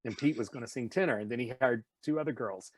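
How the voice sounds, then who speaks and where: A fast-talking Nashville voice actor with a medium-pitched voice and light Tennessee accent guests on a casual interview, telling animated stories. He keeps slipping into impressions, captured in a dry recording.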